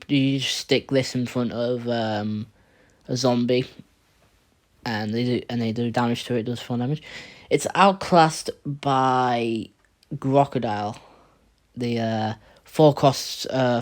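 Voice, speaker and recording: A man talks through a card game tier list in a loose, unscripted way, with a voice of ordinary middle pitch. He is blunt in his verdicts and keeps stumbling and restarting mid-sentence. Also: fairly even intonation, slow. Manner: rambling, blunt, stumbles over words. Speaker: card game video creator. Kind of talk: casual tier list commentary.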